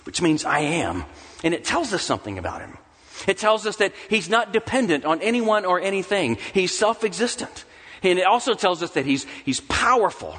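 A man's voice: on the high side, fairly bright tone, in a large hall. A man preaching a sermon as pastor, earnest, acting out pleading questions to God.

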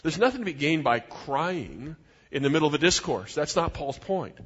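A man's voice: a little high, big pitch swings, normal speed, a bit bright, slightly rough. A middle-aged man preaching a sermon as a pastor, in an earnest, conversational way with personal asides. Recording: dull sound in a reverberant hall.

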